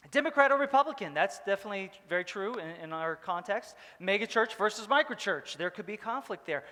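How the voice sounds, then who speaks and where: A man's voice: sits high, animated, a little fast, few pauses, pushed and bright, in a large hall, slight background noise. A male pastor giving a casual, joking sermon, rambling with many fillers. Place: church hall.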